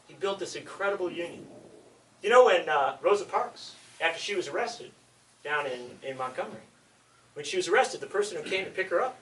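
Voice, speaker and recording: A man's voice: sits high, fairly bright tone, recorded from a distance, rough recording. A man giving a public talk, telling history as an impassioned, emphatic storyteller.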